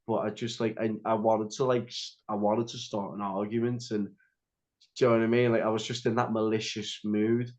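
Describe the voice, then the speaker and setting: A young man recounts events in a loose, rambling way. He fills his speech with "like" and keeps restarting his sentences. His voice sits in a middling register, and the recording is slightly dull and lo-fi. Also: medium pitch. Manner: rambling, heavy use of "like" and restarts. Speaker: podcast guest. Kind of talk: casual storytelling interview.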